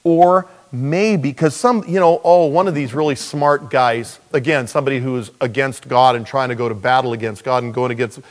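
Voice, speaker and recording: A male pastor preaching a sermon, animated, with rhetorical questions and sudden jumps in pitch. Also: moderate pace, few pauses. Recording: long reverb of a large hall.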